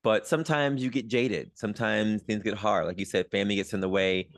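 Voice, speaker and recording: A man's voice: lowish voice, steady tone, fairly quick, no echo, studio quality. A man hosting a podcast interview, affirming his guest and asking long, rambling questions. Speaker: podcast host and doctor. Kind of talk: casual interview.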